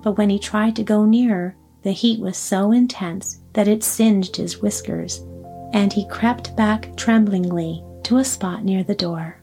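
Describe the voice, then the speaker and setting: A woman reads a classic storybook aloud in a calm, even way. Her voice is mellow and warm rather than bright. Faint music runs quietly underneath. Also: medium pitch, a little slow. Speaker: audiobook narrator. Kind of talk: storybook reading.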